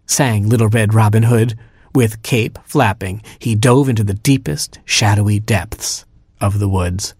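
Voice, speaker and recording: A man narrating a children's story in a lively, playful reading style. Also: lowish voice, a little slow, husky, dry recording.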